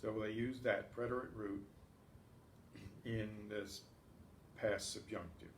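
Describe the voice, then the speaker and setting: This advanced Spanish class is taught by a man whose fairly low voice moves slowly with fairly even intonation, against slight background noise. He patiently explains grammar and runs drills, reciting each verb form in turn. The community classroom gives a roomy echo and faint ambience.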